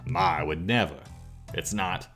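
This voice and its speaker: A man's voice: deep voice, measured pace, a bit bright, faint music behind. A man voicing a young bully cat who stammers and grovels to his mother in a put-on formal accent. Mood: sheepish. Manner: stammering, overly formal, sheepish.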